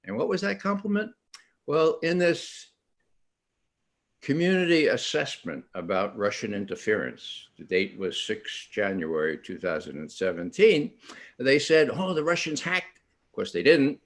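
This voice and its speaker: An older man speaks at an online panel in an animated storytelling manner. His pitch swings widely while he acts out quotes. He often breaks off and restarts his sentences. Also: measured pace. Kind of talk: storytelling talk at an online event.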